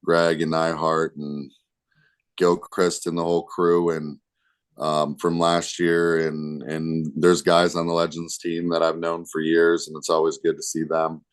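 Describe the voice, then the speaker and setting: A man with a very deep voice talks casually as a guest player on a football show. He rambles a little, with plenty of fillers and restarts. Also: monotone, measured pace, clear, resonant tone. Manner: easygoing, rambling, many fillers. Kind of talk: casual chat.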